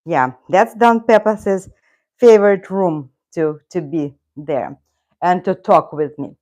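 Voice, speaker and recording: A woman's voice: on the low side, takes it slowly, a little mellow. A middle-aged woman with a Russian accent, chatting casually and rambling on a live stream. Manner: rambling, talks to her cat and viewers. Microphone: loose clip-on mic.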